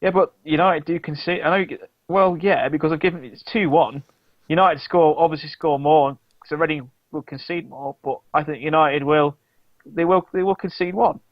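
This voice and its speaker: A fairly high-voiced man chats about football in a halting way, stopping and restarting his sentences. His voice comes through a dull, lo-fi mic in a dry room. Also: fairly even intonation, no room sound. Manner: halting, many restarts and fillers. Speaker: podcast co-host. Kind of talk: casual sports chat.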